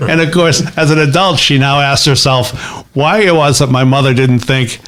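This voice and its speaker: A middle-aged man from New England with a mid-range voice co-hosts a chatty podcast. He teases his friends with quick, wry questions. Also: mid-range voice, a bit bright, slight background noise. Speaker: podcast co-host. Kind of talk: casual banter and sponsor reads.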